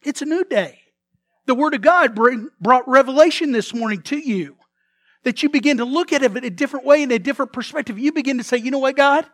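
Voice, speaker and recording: A man preaching a sermon as pastor, telling the story in a lively way, acting out the figures' lines and often repeating words as he restarts. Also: extremely high pitch, quick pace, no room sound. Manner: animated storytelling, acts out characters' lines.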